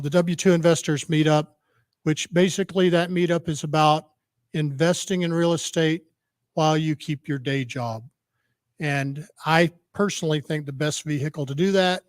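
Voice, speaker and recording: A man's voice: a little high, dry recording. A man in his sixties, the organizer, making plain, informal announcements about a meetup. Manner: plain, informal, self-correcting. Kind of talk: event announcements.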